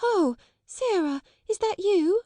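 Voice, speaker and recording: Flustered shy storybook schoolgirl, very high and stammering, played by a woman narrator. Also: lively intonation, slow, mellow, no room sound, exaggerated voice. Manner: stammering, breathless, repeating words.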